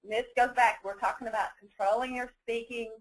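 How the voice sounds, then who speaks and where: A woman leading a phone-skills training webinar, chatty and quick, laughing now and then. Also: on the high side, steady tone, low-quality recording. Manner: fast-talking, chatty, laughs often.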